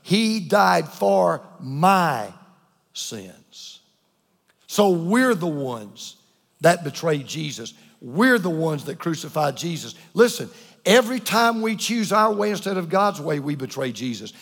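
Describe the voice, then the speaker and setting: Preacher, man, slightly high-pitched, earnest and repetitive, hushed emphasis, long church reverb. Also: sing-song, normal speed, slightly rough. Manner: earnest, repeats phrases for emphasis, drops to a hush on key words. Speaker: pastor. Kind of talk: sermon.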